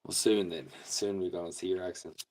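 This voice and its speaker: A man's voice: low voice, steady tone, fairly quick, darkish tone, slight background noise. A man hosting a casual livestream, chatting laid-back with viewers and laughing often. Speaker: livestream host. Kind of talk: casual livestream chat reading comments.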